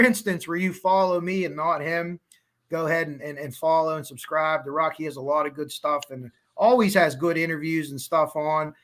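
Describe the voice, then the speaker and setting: This is a man with a Pittsburgh accent hosting a casual podcast over a video call. His voice sits high and bright. He rambles in a friendly way, restarts his sentences and laughs easily. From western Pennsylvania. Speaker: podcast host. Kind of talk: casual livestream chat.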